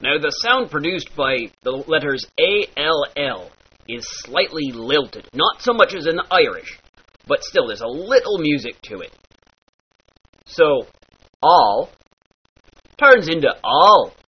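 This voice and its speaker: Pausing often and speaking slowly, a very animated accent teacher with a fairly high, slightly rough voice walks through pirate speech in a playful lesson. He uses mock-archaic phrasing and demonstrates each sound. The audio is dull lo-fi.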